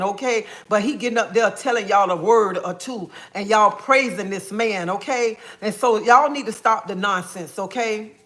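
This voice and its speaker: An adult woman and mother livestreams a casual rant in a slightly bright voice that sits on the high side. She's blunt and sassy, calling viewers honey and baby and repeating "okay?" after her points.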